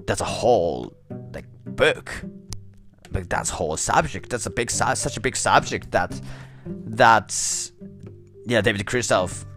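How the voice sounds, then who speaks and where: A man hosting a solo podcast, speaking with an attempted English accent and thinking aloud with many restarts and repeated words. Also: deep voice. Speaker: podcast host.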